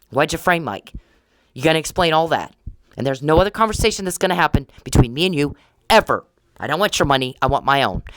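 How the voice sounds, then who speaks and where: A woman's voice: low-pitched, a bit bright, no echo. A woman podcaster in an angry monologue, talking bluntly, profanely and confrontationally.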